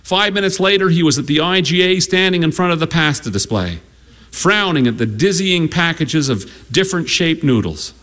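A man reading a story aloud in a measured, gently humorous way. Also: a little high, animated.

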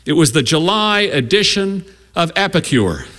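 A man telling a humorous story, with a wry, animated delivery and comic pauses. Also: a little high, heavy background noise.

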